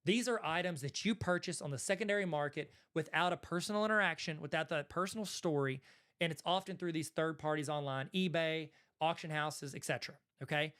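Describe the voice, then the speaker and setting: Southern man with a slightly high voice. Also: a little fast, a bit bright, smooth. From Arkansas, USA. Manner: conversational, rambling, self-correcting asides. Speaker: host, card collector. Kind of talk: casual talking-head commentary.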